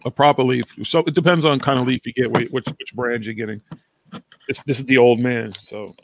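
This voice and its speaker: A man's voice: medium pitch, fairly even intonation, a little fast, creaky, no room sound. A man hosting a livestream chat, rambling and swearing freely, often restarting his sentences. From New England. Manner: rambling, profane, restarts a lot. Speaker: livestream host. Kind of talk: casual chat.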